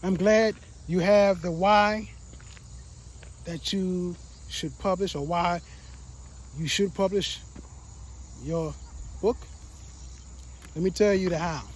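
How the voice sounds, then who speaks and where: A man giving a motivational talk, telling a personal story with emotion, repeating words and dropping to a quiet voice. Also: high-pitched, fairly even intonation, takes it slowly, pauses often, a little hiss or hum, low-quality recording. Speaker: motivational speaker.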